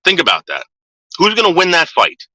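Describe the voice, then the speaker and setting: A man's voice: high voice, huge pitch swings, brisk, bright, forceful tone, no echo, poor audio. A man vlogging casually, telling a rambling story in a blunt, profane way.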